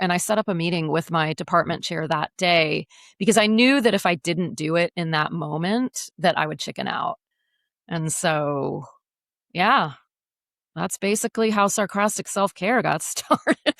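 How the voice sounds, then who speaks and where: A woman in her forties, an educator speaking as a podcast guest, telling her story in a frank, animated, often profane way. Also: on the low side, a little slow, vocal fry, dry recording, clean studio sound. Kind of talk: candid casual interview.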